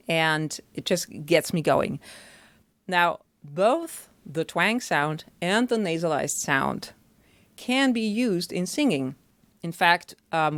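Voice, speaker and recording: Woman, voice teacher, singing lesson, chatty explainer, smooth clear tone, dry close sound. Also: deep voice, no echo. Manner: chatty, explains step by step, checks in with "right?".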